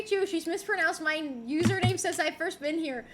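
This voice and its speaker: A woman's voice: extremely high pitch, normal speed, few pauses, bright, forceful tone, a little hiss or hum. A young woman streaming live, chatting casually and animatedly as she reads chat aloud and laughs often. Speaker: livestreamer.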